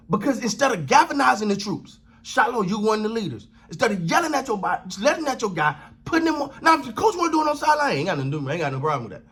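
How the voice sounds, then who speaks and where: A man's voice: high voice, fairly bright tone, husky. A man hosting a sports channel, giving a casual, emphatic reaction rant, repeating phrases and using slang. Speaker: sports commentary host.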